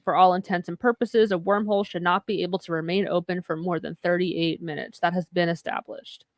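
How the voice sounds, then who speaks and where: A woman's voice: fairly low pitch, steady tone, brisk, no room sound, clean studio sound. A woman co-hosting a podcast, casually recapping a TV episode and swearing offhandedly.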